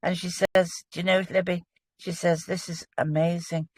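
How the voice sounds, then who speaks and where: A woman's voice: fairly low pitch, flat delivery, normal speed, husky, no echo. A woman, a guest in a casual religious discussion, explaining with earnest enthusiasm.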